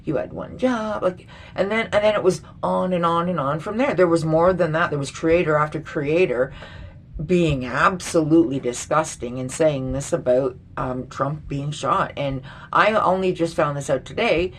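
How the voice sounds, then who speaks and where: In a low voice at a moderate pace, a middle-aged vlogger delivers a casual, indignant rant, blunt and full of swearing. Slight background noise runs under the recording.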